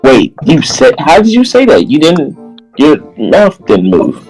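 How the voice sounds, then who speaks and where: Man voicing a gentle, smiling young man; friendly and soothing, animated delivery. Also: fairly high pitch, a little slow, husky, faint music behind, heavily acted, poor audio.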